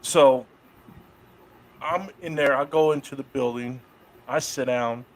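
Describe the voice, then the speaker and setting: A middle-aged man telling wrestling stories in a casual interview, profane and lively. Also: medium pitch, takes it slowly. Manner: profane, animated storyteller doing voices of others in quotes. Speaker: guest, wrestler.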